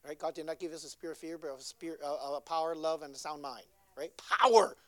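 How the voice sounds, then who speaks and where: A woman's voice: deep voice, fast talker, a bit bright, dry recording. Conversational woman preaching, dry sound. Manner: conversational, keeps asking "right?". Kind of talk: sermon.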